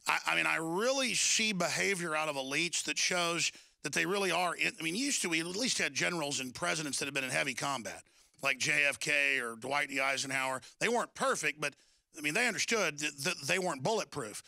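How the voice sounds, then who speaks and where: A man's voice: a little high, fairly quick, creaky, sharp tone, dry recording. A man hosting a talk radio interview, intense and agitated, rambling with restarts. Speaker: radio host.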